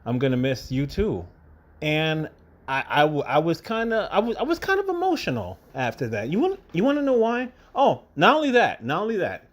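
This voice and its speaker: A man from New York State talking straight to camera in a casual monologue, emotional and halting, holding back tears and repeating his words. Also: a little high, big pitch swings. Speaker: vlogger.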